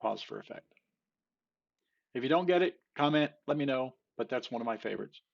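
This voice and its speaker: A man's voice: mid-range voice, lively intonation, brisk, vocal fry, muffled recording. A man telling a long joke in a casual, rambling way, with many fillers and restarts. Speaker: joke teller. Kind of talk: casual storytelling.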